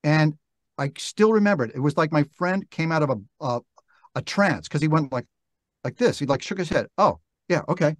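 An older man talking as a podcast guest, thoughtful and unhurried, with frequent restarts. He acts out little bits of dialogue as he tells his stories. The sound is close and dry, with no room around it. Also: fairly high pitch, no echo. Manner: reflective, halting with restarts, acts out quoted dialogue. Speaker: interview guest, narrator and actor. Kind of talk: relaxed storytelling interview talk. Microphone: podcast microphone.

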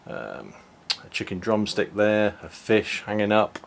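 Male hobbyist, lowish voice, relaxed halting show-and-tell, faint room hiss. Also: vocal fry. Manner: unhurried, halting, many ums and restarts. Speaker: toy reviewer. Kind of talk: casual product walkthrough.

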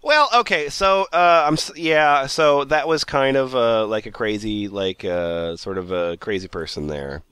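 A man's voice: fairly low pitch, unhurried, few pauses, a bit bright, clear, resonant tone, no echo. A man hosting a casual comedy podcast, reading a blog post aloud and giggling often as he goes. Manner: giggly, reads aloud with frequent laughs.

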